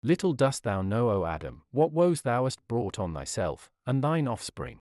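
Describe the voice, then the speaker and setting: A man doing the voice of God calling for a lost man, soft, sorrowful and plaintive. The lines come hushed and quieter than the rest of the sermon reading. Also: medium pitch, sing-song, normal speed, dry recording, studio quality. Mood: mournful.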